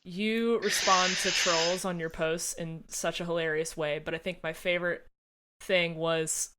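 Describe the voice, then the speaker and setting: A woman's voice: lowish voice, steady tone, unhurried, very noisy. A woman hosting a podcast, interviewing a guest in a chatty, teasing manner with frequent laughter. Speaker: podcast host. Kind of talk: interview chat.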